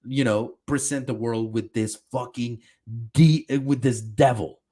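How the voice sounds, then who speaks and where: A man's voice: medium pitch, fairly even intonation, unhurried, mellow. A man streaming a reaction, talking back at a video in a heated, profane, exasperated rant.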